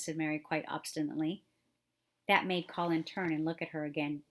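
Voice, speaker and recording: Woman, lowish voice, reading a kids' book aloud, gentle, expressive. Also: a little fast. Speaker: children's book reader. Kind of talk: reading a children's novel aloud.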